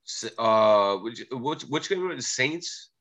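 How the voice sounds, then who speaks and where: A man co-hosting a casual sports betting chat who sounds stuffy and congested from allergies. His voice is bright and lively, jumping around in pitch, and he laughs often and restarts his sentences. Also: takes it slowly. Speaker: podcast co-host.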